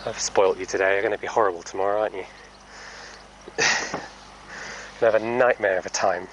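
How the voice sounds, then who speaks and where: A man training a horse, talking softly and coaxingly to the animal while explaining to viewers in a casual vlog. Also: on the low side, steady tone, moderate pace, a little hiss or hum, rough recording. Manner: soft, coaxing talk to a horse, often hushed. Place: indoor horse stable area.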